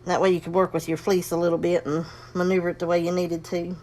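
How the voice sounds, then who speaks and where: A woman's voice: on the low side, little pitch movement, quick pace, darkish tone, slight background noise. A woman casually demonstrating a sewing project, chatty and folksy, talking herself through each step and breathing a little heavily. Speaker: crafting tutorial host.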